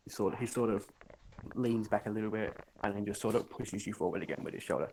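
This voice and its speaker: Gravelly low game master. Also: male voice, quick pace, a little hiss or hum. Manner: relaxed, hedging narration full of "sort of". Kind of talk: narrating a tabletop game.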